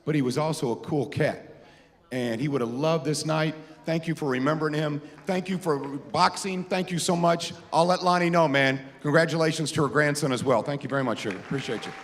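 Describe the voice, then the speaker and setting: A man's voice: fairly high pitch, fairly quick, a faint crowd. A man giving an informal tribute speech at an awards dinner, telling anecdotes with restarts and repeated words. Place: large casino ballroom. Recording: echoey ballroom PA.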